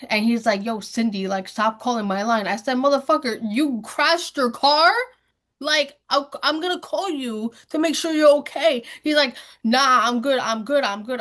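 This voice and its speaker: A woman's voice: sits high, a bit bright. A young woman hosting a podcast, telling a story in casual chat, slangy and swearing freely as she acts out what people said. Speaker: podcast host.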